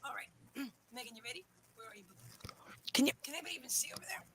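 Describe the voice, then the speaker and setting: A woman hosting a casual livestream from a room in her home, gushing and excitable as she talks to her dogs. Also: sits high, fast, a crowd in the background. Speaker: host of a live psychic reading stream. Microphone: camera setup lit by a ring light.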